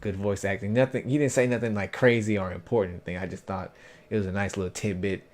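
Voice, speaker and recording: This fairly low, slightly mellow male voice keeps a mostly even intonation and moves fast. He loosely recaps an anime episode for a review, full of slang, filler words and corrections as he goes.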